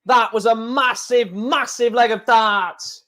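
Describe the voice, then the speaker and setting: A man giving casual live reaction commentary on a darts match, chatty and excitable, with hiccups. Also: extremely high pitch, slow. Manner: excitable, chatty, sings along with crowd chants.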